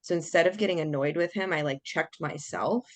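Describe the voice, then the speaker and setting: This young adult podcast host speaks low and briskly on a dry recording. In casual chat she candidly recounts something personal, acting out what people said.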